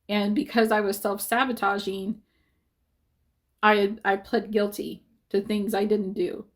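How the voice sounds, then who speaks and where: A woman talking casually to her viewers, rambling with many fillers and self-corrections, upset and defensive, close to tears at times. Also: mid-range voice. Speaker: vlogger.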